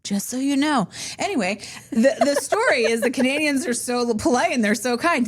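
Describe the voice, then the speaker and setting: A woman co-hosting a podcast in casual chat, laughing often and swinging her pitch up high when animated. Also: moderate pace. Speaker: podcast co-host.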